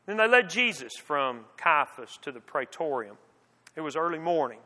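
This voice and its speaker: High, expressive male scripture reader. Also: normal speed. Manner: expressive, dramatic reading. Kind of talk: dramatic scripture reading. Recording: long hall reverb.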